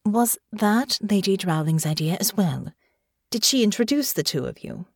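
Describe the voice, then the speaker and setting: A woman voicing Delphinia, a tall, grim, knowing young noblewoman, speaking low, slow and soft in an audiobook. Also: very animated, slightly rough, no room sound, studio quality. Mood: scornful. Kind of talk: audiobook character voice.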